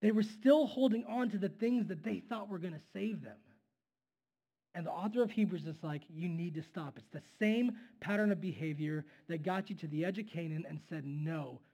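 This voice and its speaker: A man with a notably high voice preaches in a loose, conversational way. He teaches like he's talking with friends and often checks in with the listeners. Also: moderate pace. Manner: conversational and relaxed, with asides and questions to the listeners. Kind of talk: casual sermon teaching.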